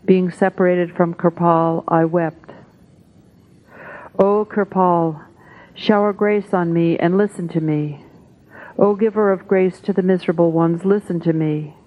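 A woman reading devotional texts aloud at a spiritual gathering, in a measured, solemn way. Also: on the low side, fairly even intonation. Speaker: satsang reader. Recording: tinny phone-like audio.

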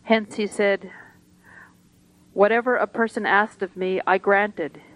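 A woman reading a spiritual talk aloud to a gathering in a slow, deliberate, measured way. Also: mid-range voice, fairly even intonation, a bit bright, rough recording.

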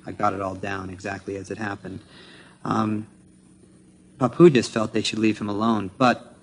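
A man earnestly recounting a personal story at a spiritual gathering, measured and halting, pausing to explain unfamiliar terms. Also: fairly low pitch, slight background noise. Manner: measured with frequent restarts. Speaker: speaker sharing trip experiences at a spiritual gathering.

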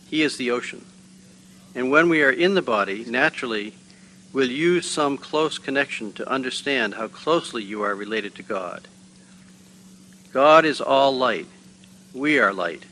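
A man reading spiritual texts and stories aloud at a gathering, measured, with hesitant asides. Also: mid-range voice, sharp tone, slight background noise, rough recording.

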